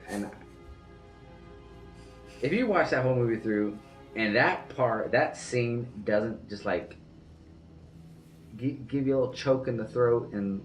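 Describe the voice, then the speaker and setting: A man's voice: lowish voice, roomy sound, distant mic. A man giving an earnest, rambling, casual reaction to a film as a movie reviewer.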